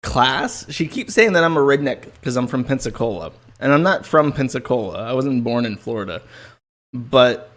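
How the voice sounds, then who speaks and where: A man's voice: medium pitch, animated, moderate pace, fairly bright tone. A man hosting a stream, talking in a casual, sardonic, profane way as he comments on a clip. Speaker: streamer host.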